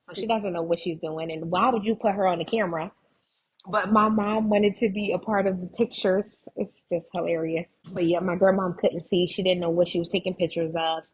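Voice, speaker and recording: Her voice is on the low side, with the highs cut off and slight background noise. As an interview guest, she shares emotional personal stories earnestly, frequently restarting sentences as she goes.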